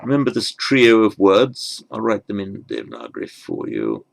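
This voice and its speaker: A man's voice: lowish voice, wildly swooping pitch, normal speed, gravelly. A man giving a patient step-by-step language lesson, spelling out terms carefully with frequent ums and small restarts. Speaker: Sanskrit teacher.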